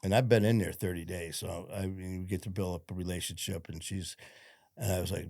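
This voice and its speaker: Deep-voiced man telling war stories. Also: steady tone, a little fast, dark tone, dry recording, studio quality. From Detroit, USA. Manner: rambling, profane, frank, with many fillers. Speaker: podcast guest, former police officer. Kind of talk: casual storytelling interview.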